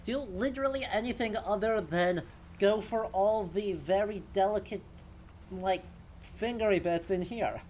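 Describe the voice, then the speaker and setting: A man's voice: high voice, a little slow, darkish tone, a little hiss or hum. A man streaming a video game, joking and sarcastic, sometimes slipping into a mock announcer voice. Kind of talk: casual let's-play commentary.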